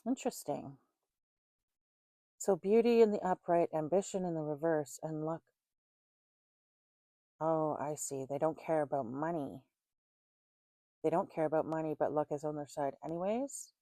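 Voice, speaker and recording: Low-pitched woman doing a casual tarot reading, chatty and quick to laugh, with a dry close-miked sound. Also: dark tone, no room sound. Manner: chatty, laughs often between remarks. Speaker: tarot reader.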